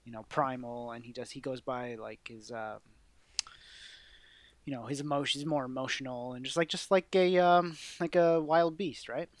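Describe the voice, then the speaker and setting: A podcast co-host with a mid-range voice chats casually at normal speed on a dry recording. He sounds hesitant, searching for words, with many fillers and restarts.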